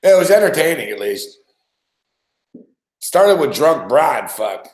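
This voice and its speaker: A man's voice: fairly high pitch, very animated, takes it slowly, reverberant. Profane man telling a radio story. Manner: profane, storytelling, laughs often. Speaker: radio show host. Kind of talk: casual chat.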